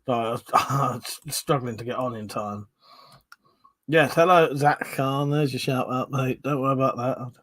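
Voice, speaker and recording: A man's voice: medium pitch, normal speed, a bit bright, dry recording. A man with a Southern English accent hosting a casual live stream, swearing freely, bantering and reading out viewer comments. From Southern England.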